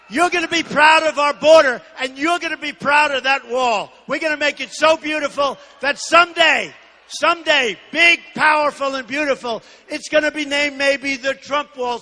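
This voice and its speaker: Older man on the stump: sharp, forceful tone, emphatic and repetitive, booming through a big reverberant hall. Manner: emphatic, repetitive, punchy phrasing; shouts some lines. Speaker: political candidate. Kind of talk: campaign rally speech. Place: large rally venue. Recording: long reverb of a large hall.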